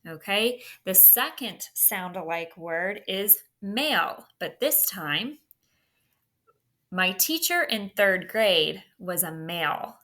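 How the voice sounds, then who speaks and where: Woman teacher dictating words slowly. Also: mid-range voice, expressive, pushed and bright. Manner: slow, deliberate dictation. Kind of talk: spelling dictation lesson.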